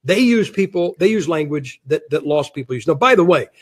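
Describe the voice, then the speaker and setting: A man speaking as a guest on a religious talk show, combative and mocking, with a husky voice. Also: fairly high pitch, lively intonation, fairly quick. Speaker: guest preacher.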